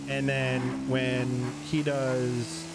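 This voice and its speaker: A man's voice: mid-range voice, monotone, very slow, vocal fry, heavy background noise. Rambling male game streamer. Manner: rambling, talks to himself while playing. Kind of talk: casual gameplay commentary.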